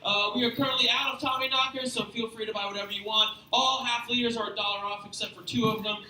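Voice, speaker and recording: A man in his thirties hosts a stand-up night in a bar, rowdy and crude, laughing at his own bits. His voice sits very high and sounds very bright and sharp. It comes across an echoey room, picked up from some distance. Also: fairly even intonation, fast, slight background noise. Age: 30s. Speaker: comedy show host. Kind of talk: stand-up comedy. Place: bar or beer hall stage before a live audience.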